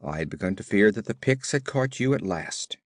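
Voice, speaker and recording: A man's voice: on the low side, expressive, a little fast, no room sound, clean studio sound, natural voice. A man voicing a young, earnest frontier governor who speaks formally and sounds worried, read as an audiobook character.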